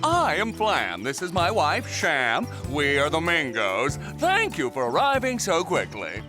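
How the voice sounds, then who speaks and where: A man's voice: a little high, huge pitch swings, unhurried. A man voicing a prim, pompous alien leader in a cartoon, with music underneath. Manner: formal, pompous.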